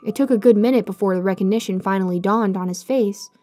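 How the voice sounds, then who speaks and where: In a medium-pitched voice, a woman delivers scripted horror narration, keeping it hushed, measured, and full of suspense.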